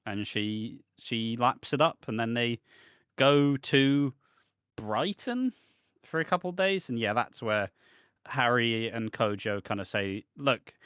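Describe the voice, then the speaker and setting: A man's voice: medium pitch, slow, clear, resonant tone, no room sound. Man with a British accent, dry close sound. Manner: animated storytelling with laughter. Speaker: podcast co-host. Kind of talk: casual chat recapping a soap.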